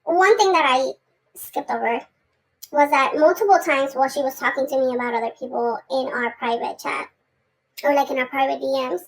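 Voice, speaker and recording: A woman's voice: sits high, moderate pace, rough recording. A woman telling a personal story casually, swearing and acting out what people said. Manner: animated, swearing, acts out quotes.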